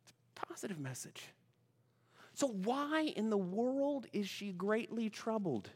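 A man's voice: sits high, sing-song, measured pace, a little mellow, slightly rough. A man preaching a sermon as pastor, chatty and full of questions to the congregation, greeting online viewers by name. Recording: long reverb of a large room.

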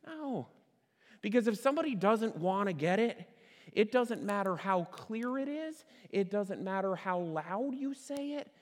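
A middle-aged male pastor preaches with a fairly high voice, keeping it conversational and throwing questions out to the crowd. He slows right down on the words he wants to land. The sound rings with the long reverb of a big hall. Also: big pitch swings. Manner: conversational, asks the audience questions, stresses words by slowing down. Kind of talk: sermon.

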